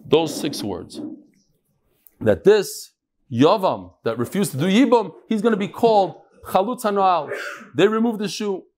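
A man in middle age with a notably high voice teaches a daily Mishnah class. He talks in a lively, joking way and moves easily between English and Hebrew terms while he walks through a demonstration. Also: measured pace.

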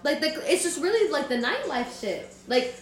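Young woman, from Jordan, casual podcast chat, animated, swearing, echoey room, faint music. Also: sits high, moderate pace. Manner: animated storyteller, swears freely.

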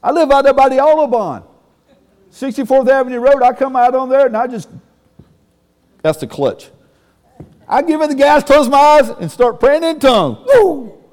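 A man delivers a sermon in a folksy, emphatic preaching manner, breaking into sudden exclamations. His voice sits high. The sound carries a long reverb, as if recorded in a large church hall. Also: lively intonation, normal speed, a little mellow. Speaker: pastor.

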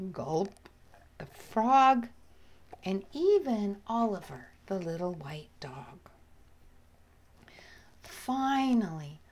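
A woman reading a bedtime story aloud in a gentle, expressive way, often dropping to a whisper. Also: on the high side.

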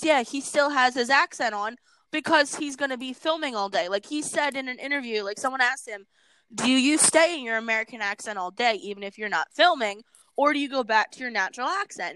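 A woman's voice: sits high, a bit bright, no room sound, rough recording. A woman hosting a casual chat, speaking in an earnest and emphatic way. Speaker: host.

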